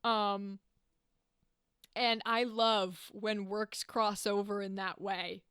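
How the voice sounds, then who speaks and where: A young woman hosting a casual podcast, animated and swearing freely as she acts out lines in playful voices. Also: medium pitch, takes it slowly, clear, resonant tone, no echo, clean studio sound. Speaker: podcast host.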